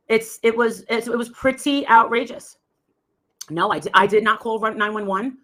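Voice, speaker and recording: A woman tells a long, rambling story in casual chat. She breaks into quoted voices of the people involved as she goes, with a pitch that sits in the middle for a woman. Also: fairly bright tone. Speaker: livestream host telling a story.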